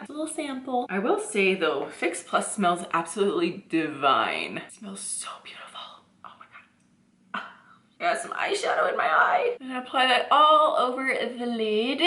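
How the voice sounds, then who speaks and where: A woman's voice: fairly low pitch, gravelly, sharp tone, reverberant. A woman chatting casually through a makeup tutorial at home, rambling with asides and laughing often. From Canada. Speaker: beauty vlogger. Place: home, indoors. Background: thunderstorm outside.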